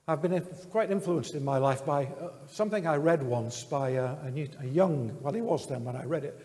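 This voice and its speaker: Male preacher, fairly high voice, earnest and measured, reverberant church hall. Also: warm tone. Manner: earnest, measured, with many pauses and fillers. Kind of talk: sermon.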